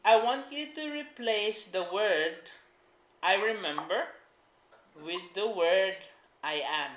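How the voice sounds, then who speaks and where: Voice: medium pitch, animated, slow pace, fairly bright tone. A writing teacher giving a patient class explanation, repeating key points. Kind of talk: classroom instruction. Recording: roomy echo.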